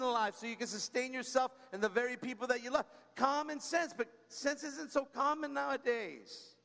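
A man's voice: very high voice, fairly even intonation, moderate pace, vocal fry, few pauses, a bit bright, long reverb tail. A man preaching a sermon as pastor, in a conversational style that mixes personal stories with humor and keeps asking "right?" and "come on.".

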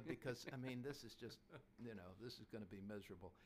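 In his fifties, a male podcast host talks casually about investing, chatty and anecdotal. His voice is mid-range and fairly quick.

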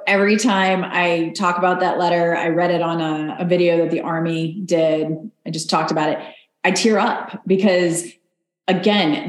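A woman interview guest, an Army reservist, telling stories in an earnest, animated way and acting out quoted voices. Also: fairly low pitch, reverberant. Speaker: podcast guest, Army Ranger. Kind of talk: conversational interview.

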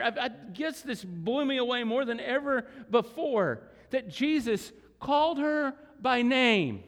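Guy preaching a sermon, pretty high voice, slows way down to hit points, big church echo. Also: sing-song, a bit bright. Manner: dramatic retelling with acted quotes, slowing for emphasis. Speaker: pastor. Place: church sanctuary.

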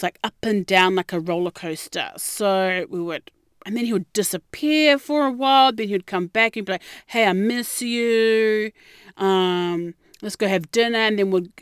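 A woman with an Australian accent, telling a personal story in a blunt, heavily profane and animated way. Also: mid-range voice, smooth, dry recording, clean studio sound. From Melbourne, Australia.

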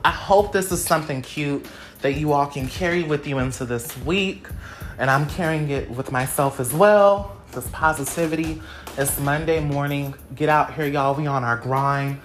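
A young adult woman hosting her own podcast, talking casually and slangily, giving motivational pep talk straight to her listeners. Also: a bass voice. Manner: chatty, slangy and motivational, addresses listeners directly. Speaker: podcast host.

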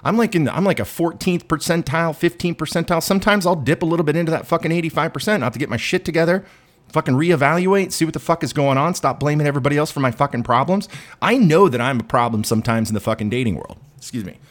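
A man's voice: a little high, very fast. A man hosting a podcast, delivering a profane, self-deprecating rant. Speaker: podcast host.

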